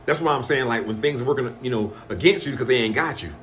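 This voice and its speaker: A man's voice: mid-range voice, quick pace, fairly bright tone. A man, talking in a loose, profane monologue and acting out quoted lines in changed voices. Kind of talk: casual rambling monologue.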